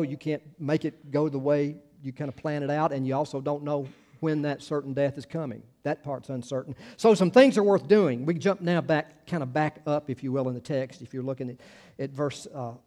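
A man's voice: on the high side, steady tone, moderate pace, darkish tone. A man preaching a conversational sermon as a pastor, informal and chatty, with wry asides to the congregation. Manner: informal and chatty, many fillers and restarts.

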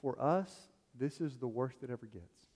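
A pastor preaching in a church sanctuary talks at medium pitch and normal speed, his voice a little mellow. He tells stories casually, with many fillers, and the hall reverb is long.

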